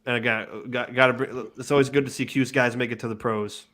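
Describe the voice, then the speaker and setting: A man's voice: medium pitch, fairly even intonation, fast, a bit bright. A man on a sports podcast panel, talking in a casual, rambling way and often repeating himself.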